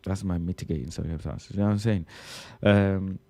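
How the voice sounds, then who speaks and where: A Mancunian man with a lowish, mellow voice chats on a livestream in casual banter. He plays mock-indignant, repeating his lines and leaping up in pitch for effect before dropping back low. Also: fairly even intonation, fairly quick. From Manchester, England. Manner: playful mock-indignant, repeating himself with big pitch jumps. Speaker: live streamer reading chat.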